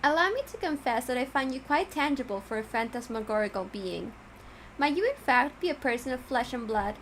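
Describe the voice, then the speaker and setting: A woman's voice: high voice, expressive, fairly quick, a little hiss or hum, voice pushed up, poor audio. A woman reading the lines of a pompous, verbose male cat with formal, flowery speech, in a game. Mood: bemused.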